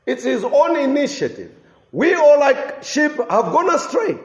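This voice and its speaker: A man preaching at a slow, deliberate pace, his high voice swinging widely between lifted and lowered tones. He leans into key phrases and repeats them for weight. The sound carries the echo of a reverberant room. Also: very animated. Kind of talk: sermon.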